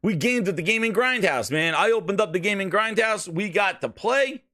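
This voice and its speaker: A man with a New York accent, hosting a casual gaming show, with hype-man shouting and loose, rambling talk that repeats itself. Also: high-pitched, animated, moderate pace, no echo, clean studio sound. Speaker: podcast host.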